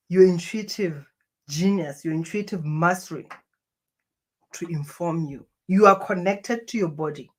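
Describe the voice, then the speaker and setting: A woman speaking as a spiritual coach in an earnest self-help talk, often restarting and repeating her phrases as she goes. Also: lowish voice.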